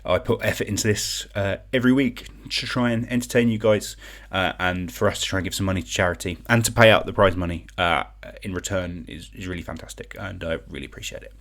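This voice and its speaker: Chatty young English quiz host. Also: male voice, deep voice, quick pace, few pauses, fairly bright tone. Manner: chatty, rambling, self-deprecating, sings song clues in gibberish syllables. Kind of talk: casual livestream quiz hosting.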